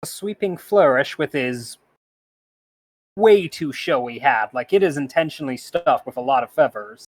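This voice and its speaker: A man's voice: medium pitch, lively intonation, moderate pace, no echo. A man playing a tabletop game, playful and theatrical as he describes his character. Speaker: player.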